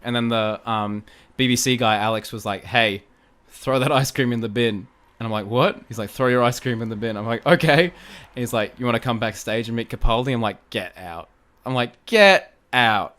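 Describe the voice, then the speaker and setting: An excitable young Australian man tells a story as a podcast guest. His voice is bright and crisp, and he laughs and repeats phrases as he goes. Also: mid-range voice, a little fast. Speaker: guest, fan video creator. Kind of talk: casual storytelling in a podcast chat.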